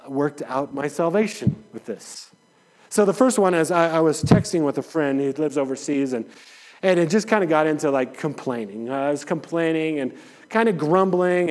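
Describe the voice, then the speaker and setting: Guy preaching, chatty, tells stories and does the voices, slightly high pitch, big echoey church sound. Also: darkish tone. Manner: conversational storytelling, acts out dialogue. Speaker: pastor. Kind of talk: sermon. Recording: long hall reverb.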